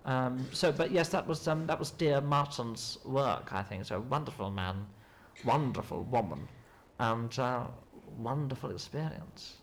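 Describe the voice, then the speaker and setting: A man, an actor in a mock interview, rambling and hesitant with a deadpan delivery. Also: medium pitch, unhurried, slight background noise.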